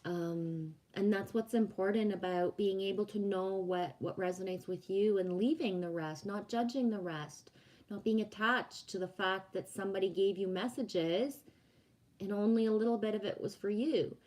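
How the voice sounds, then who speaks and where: Woman streamer from Quebec, French her first language, casual rambling chat with viewers, laughs easily, mid-pitched voice. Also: normal speed, a little mellow. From Quebec, Canada. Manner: chatty and rambling, frequent laughter and restarts. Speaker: livestream host. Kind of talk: casual livestream chat, reading out viewer comments.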